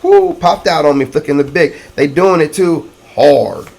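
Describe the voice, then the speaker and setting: A man giving a casual tarot reading to his viewers, excitable and slangy, repeating catchphrases and calling out to the audience. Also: on the high side, a little slow, creaky. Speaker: tarot reader.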